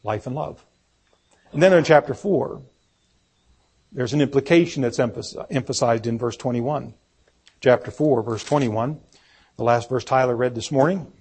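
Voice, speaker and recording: A man's voice: medium pitch, moderate pace, long pauses, a little mellow, breathy edge. A man preaching a sermon, reading scripture aloud and repeating key words for emphasis.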